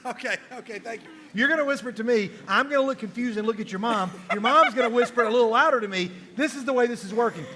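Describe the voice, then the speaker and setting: A man's voice: extremely high pitch, fast talker, sharp tone, big-room sound, a little hiss or hum. A man hosting a live youth group show, playful and chatty, coaxing kids along with encouragement.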